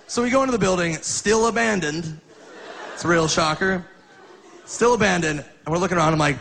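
A man's voice: high-pitched, fairly quick, vocal fry, fairly bright tone. A man doing stand-up, telling a story in a loose, laughing way and acting out voices. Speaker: stand-up comedian.

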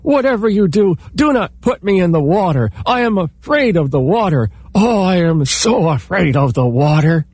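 A man putting on a crafty cornered turtle from a spoken folktale, pitched well above the teller's voice, husky and pleading, swinging through a wide, lively range. The words sound cunning and desperate at once. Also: normal speed, hardly any pauses, no room sound, heavily acted. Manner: pleading, then wailing high.

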